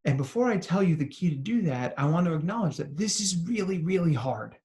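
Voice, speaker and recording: A man with a slightly higher voice gives an animated talk to parents and educators. He explains like a psychologist, tells stories and asks the listeners questions. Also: fairly quick. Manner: animated storytelling with acted quotes and asides. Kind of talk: expressive talk to an audience.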